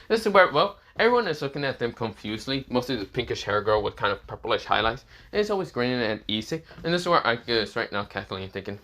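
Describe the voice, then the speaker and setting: A young man casually narrates an improvised fan story, rambling and plugging gaps with repeated fillers like "this is where, well." He talks fast with few pauses, in a sharp, medium-pitched voice with big pitch swings.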